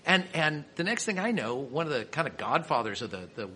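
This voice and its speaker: A man's voice: on the high side, very animated, a little fast, pushed and bright, slightly rough. A man from Kansas City, a winery owner and sommelier, telling stories as a podcast guest in a chatty way with many restarts. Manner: chatty storyteller with frequent restarts. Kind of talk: casual storytelling interview.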